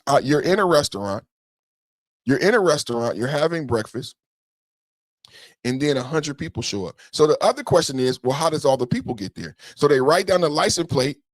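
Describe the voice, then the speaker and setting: A man's voice: on the high side, dry recording. A man hosting a reaction podcast, rambling through a ranting argument and repeating his phrases as he goes. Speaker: podcast host.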